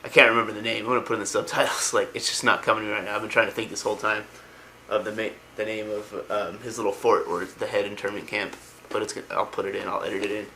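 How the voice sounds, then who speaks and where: A young man talks through a story in a loose, rambling way, full of enthusiasm and slangy asides. His voice sits a bit low but comes across bright and forceful. A faint hiss of noise sits behind him. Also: flat delivery, quick pace, rough recording. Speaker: lore explainer. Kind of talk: casual spoken retelling.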